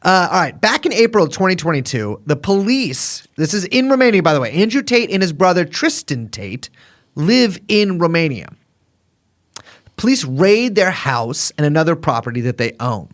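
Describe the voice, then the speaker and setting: A man co-hosting a casual podcast, with a voice pitched a bit high and swinging widely in pitch. He rambles through his points with plenty of fillers. His delivery is animated and conversational. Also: moderate pace. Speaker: podcast co-host.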